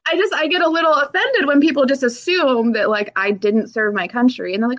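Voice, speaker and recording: A woman who served in the military, talking haltingly and emotionally in an interview, with many fillers and nervous laughs. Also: high-pitched, a bit bright, lo-fi sound. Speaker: military veteran guest.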